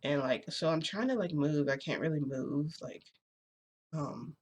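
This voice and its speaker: A woman's voice: low voice, measured pace, slight background noise. Rambling young woman telling a story. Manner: rambling, many "like" fillers. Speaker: vlogger. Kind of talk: casual storytime.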